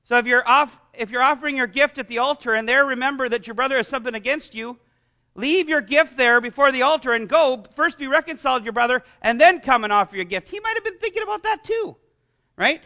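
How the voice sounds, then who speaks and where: High, bright-voiced male pastor preaching. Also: fast talker. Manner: animated, rhetorical questions, self-deprecating asides. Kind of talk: sermon.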